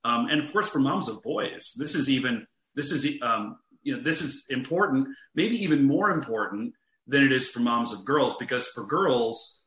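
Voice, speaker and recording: A man, a guest author, talking earnestly about parenting in a relaxed podcast chat, restarting his sentences often. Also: medium pitch, normal speed, roomy sound, poor audio. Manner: earnest, restarts often, amused when telling stories. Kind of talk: conversational podcast talk.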